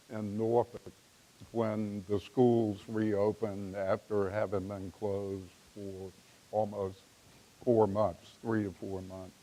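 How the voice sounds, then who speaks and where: A man on a forum panel, recalling events slowly and deliberately, with pauses. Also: on the low side, darkish tone, poor audio. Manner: slow, deliberate, halting with pauses.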